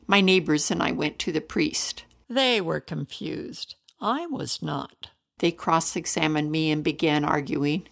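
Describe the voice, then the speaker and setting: A woman storyteller giving an expressive, dramatic first-person reading of a Bible story. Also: medium pitch, gravelly.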